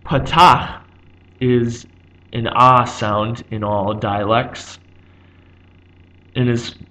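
A man's voice: medium pitch, fairly even intonation, very slow, sharp tone, poor audio. A man giving an unscripted explanation like a teacher. He thinks aloud, with frequent ums and restarts.

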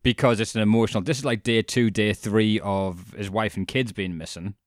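Low-voiced man, dry close sound. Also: brisk, dry recording. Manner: animated storyteller, acts out quotes, laughs often. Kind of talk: casual chat retelling a documentary.

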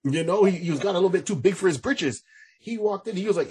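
A man co-hosting a casual podcast who rambles and restarts his sentences as he talks. His pitch sits in the middle. His voice is extremely clear and smooth. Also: fast, a little mellow. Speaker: podcast co-host. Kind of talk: casual chat.

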